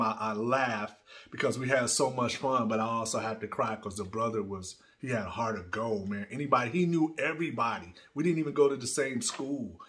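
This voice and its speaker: Man, vlog host, casual studio talk, heartfelt, rambling, repeats himself, medium pitch. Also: a bit bright, slight background noise. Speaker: channel host.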